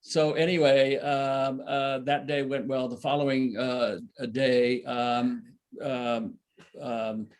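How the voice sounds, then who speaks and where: A man's voice: mid-range voice, little pitch movement, slow pace. An older man telling a long personal story at a satsang, rambling with many fillers and restarts. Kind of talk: casual spoken storytelling.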